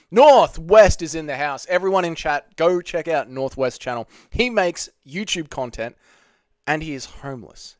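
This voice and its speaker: A man's voice: mid-range voice, clear, resonant tone, no echo, clean studio sound. A man hosting a casual livestream, reading viewer questions aloud and joking through his answers from home. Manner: jokey, reads chat questions aloud and riffs on them. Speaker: livestream host answering chat.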